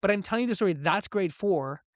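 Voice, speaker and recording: Animated storyteller man, dry close sound. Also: fast, no echo. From immigrant who grew up in Canada. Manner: lively storyteller acting out quotes with big pitch jumps. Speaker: guest, entrepreneur.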